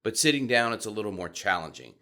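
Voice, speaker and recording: A middle-aged man teaching a speaking lesson, upbeat and encouraging, swooping his pitch high and low to demonstrate. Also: big pitch swings, fast talker, sharp tone. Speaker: voice and speaking coach. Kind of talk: instructional video lesson.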